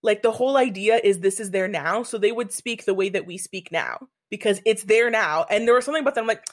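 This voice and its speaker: A woman's voice: mid-range voice, a little fast. Woman, casual film chat; eager, rambling, freely profane. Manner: enthusiastic, rambling, swears casually.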